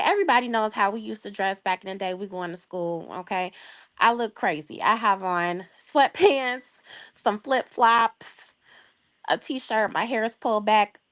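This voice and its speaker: Animated woman telling a story. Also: medium pitch. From Chicago area. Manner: lively, acts out quoted voices, laughs often. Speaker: guest. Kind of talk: animated storytelling in a casual chat.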